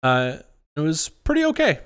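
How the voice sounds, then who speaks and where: A man's voice: a little high, huge pitch swings, moderate pace, fairly bright tone, clear, resonant tone. A man co-hosting a casual podcast, talking loosely and often repeating words as he restarts his sentences. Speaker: podcast co-host. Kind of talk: casual chat.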